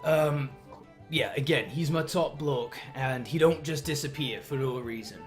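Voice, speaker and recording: A man playing a gruff, brusque tavern keeper handing out a job. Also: medium pitch, unhurried, soft background music, voice pushed down, natural voice. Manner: brusque, swearing, businesslike.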